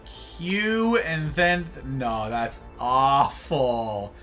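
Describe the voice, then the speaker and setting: A man's voice: medium pitch, very animated, extremely slow, fairly bright tone, soft background music. A man streaming a game live, exasperated and ranting about the controls while talking to his chat and a friend.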